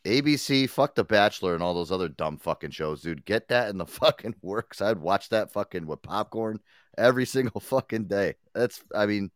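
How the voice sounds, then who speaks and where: Profane male host, low voice that swings up and down, close dry mic. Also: lively intonation, moderate pace, no echo. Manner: profane, boisterous, laughs often. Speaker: podcast host. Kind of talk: crude casual chat.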